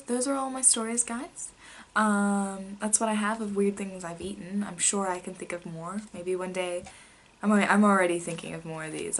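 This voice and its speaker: A woman's voice: medium pitch, vocal fry, slight background noise. Rambling young woman telling stories. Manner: rambling, filler-heavy, drops to soft whispers at times. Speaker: vlogger. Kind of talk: casual storytelling to camera.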